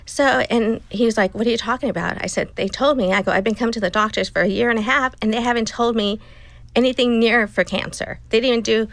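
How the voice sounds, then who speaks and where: Creaky-voiced woman in her fifties. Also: a little high, steady tone, quick pace, fairly bright tone, no room sound, rough recording. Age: 50s. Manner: emotional, retelling dialogue in quotes. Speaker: guest. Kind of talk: personal story in conversation.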